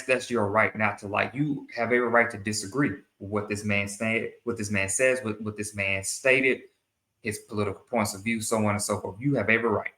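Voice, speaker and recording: A man's voice: on the low side, sharp tone, reverberant. A man hosting his own show, giving earnest opinion commentary in a monologue and often repeating and restarting his phrases. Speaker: show host.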